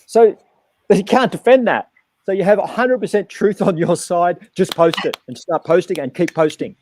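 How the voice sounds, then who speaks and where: A man speaking as a guest activist, giving blunt, forceful advice and repeating phrases. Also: high-pitched, normal speed, no room sound. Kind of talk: casual chat.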